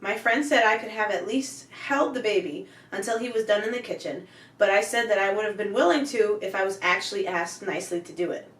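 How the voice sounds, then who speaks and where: A woman in her thirties co-hosts a relaxed podcast, giggly and teasing as she chats and reads posts aloud. Her voice sits back from the microphone, and the room around her rings with echo. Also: medium pitch, a little fast, far from the mic. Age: 30s. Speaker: podcast co-host. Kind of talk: casual chat and reading posts aloud. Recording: echoey room, away from the mic.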